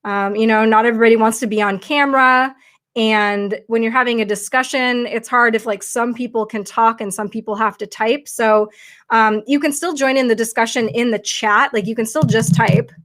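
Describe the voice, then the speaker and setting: A woman's voice: a little high, steady tone, normal speed, a bit bright. A woman hosting a casual livestream, talking chattily and rambling with lots of fillers into her computer mic. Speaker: livestream host.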